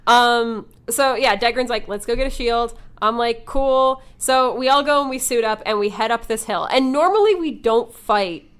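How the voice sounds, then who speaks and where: A woman's voice: fairly high pitch, expressive, moderate pace, a bit bright, clear, resonant tone. A woman hosting a podcast in a recording studio, chatting casually and laughing often as she tells stories. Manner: giggly, chatty storyteller. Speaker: podcast host. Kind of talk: casual chat.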